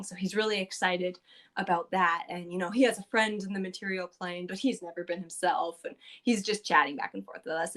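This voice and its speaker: A woman's voice: mid-range voice, a bit bright. A woman podcast co-host casually recapping a tabletop game session, chatty and loose with lots of fillers.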